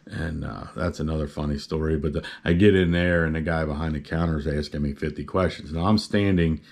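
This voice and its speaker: A man's voice: rumbling low, steady tone, a little fast, creaky, a little mellow. A man telling a personal story in a casual, rambling, good-humored way, full of "uh" and "you know".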